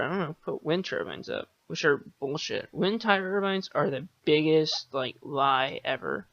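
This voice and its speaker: Male podcast host, bright tone, dull lo-fi sound, rambling sarcastic monologue. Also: sits high, no room sound. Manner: meandering, sarcastic, swears casually, many fillers.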